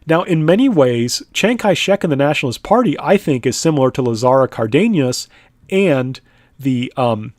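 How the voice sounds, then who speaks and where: A man's voice: medium pitch, animated, normal speed, a little mellow, no room sound, clean studio sound. A man teaching a history lesson in a conversational lecture style. He often checks in with "right?", uses many "uh" fillers, and sometimes speaks in the voice of the people he describes.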